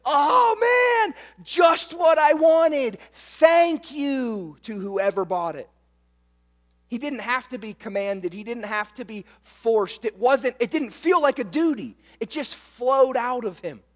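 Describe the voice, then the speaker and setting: A man preaching a sermon, emphatic and full of rhetorical questions to his listeners. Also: very high voice. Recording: long hall reverb.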